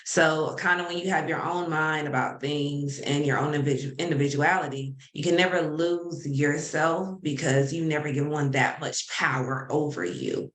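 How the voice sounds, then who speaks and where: A woman's voice: sits low, fairly even intonation, normal speed, few pauses. A woman therapist explains ideas in an earnest, step-by-step way, sometimes restarting a word. It is casual panel chat over a video call. The room around her sounds roomy and echoey. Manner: earnest, explanatory, self-correcting.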